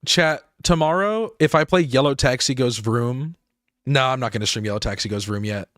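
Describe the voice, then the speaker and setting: A man's voice: medium pitch, moderate pace, a bit bright, dry recording, studio quality. A man streaming a game live, rambling and laughing as he talks to his chat.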